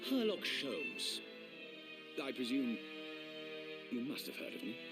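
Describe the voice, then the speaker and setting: An actor playing a self-assured British consultant detective in a video game, with a theatrical, pompous delivery. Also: male voice, medium pitch, big pitch swings, takes it slowly. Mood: smug. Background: loud game music.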